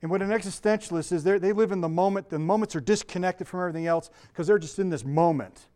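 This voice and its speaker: A man with a notably high voice delivers a sermon in a loose, conversational way. He reads the verses, then wanders into chatty asides and little self-deprecating jokes before coming back to his point. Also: fast talker, warm tone. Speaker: pastor.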